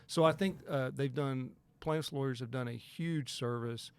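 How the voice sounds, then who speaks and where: A man's voice: medium pitch, normal speed, background noise. A man, a personal injury attorney talking as a guest on a talk show, earnest and emphatic, with many restarts. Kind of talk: casual talk show conversation.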